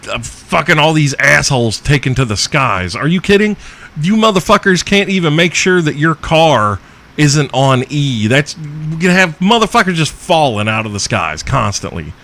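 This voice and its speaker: Speaking at a normal pace, this podcast host has a slightly high, animated, fairly bright voice. He fields listener questions in a profane, joking, crude rant, chuckling often.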